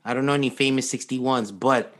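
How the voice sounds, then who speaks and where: A man in his sixties co-hosting a casual podcast, talking animatedly with swearing and quick asides. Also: medium pitch, steady tone, a bit bright. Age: 60s. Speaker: podcast co-host. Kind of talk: casual chat.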